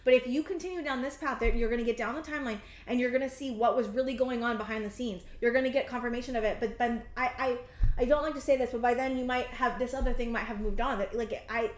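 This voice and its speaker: A woman in her thirties giving a tarot reading, talking in a halting, rambling, earnest way full of fillers and restarts, emotionally intense. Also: on the high side, fairly even intonation, echoey room. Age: 30s. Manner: emotionally intense, close to tears at times. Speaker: tarot reader. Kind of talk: pick-a-card tarot reading.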